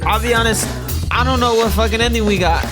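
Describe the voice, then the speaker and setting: A man playing a visual novel and reading its lines aloud, reacting in excitable, slangy, profane commentary. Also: very high voice, fast, loud music behind the voice. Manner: excitable, swears a lot, slangy. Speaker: gaming streamer. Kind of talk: let's play, reading game dialogue aloud with commentary.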